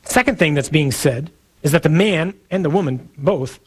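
A man preaching a sermon in a conversational, playful way, pausing for emphasis. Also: a little high, breathy edge.

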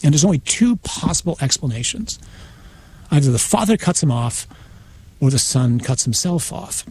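A man, a priest guest on a radio interview, retelling a story in a conversational, animated way. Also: a little high, moderate pace, breathy edge. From United States. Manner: conversational, acts out voices in his retelling, frequent restarts.

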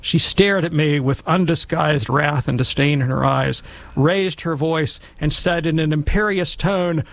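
A man talking casually and emphatically, telling stories and giving commentary in an animated, conversational way. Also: fairly high pitch, a little slow, creaky, no echo.

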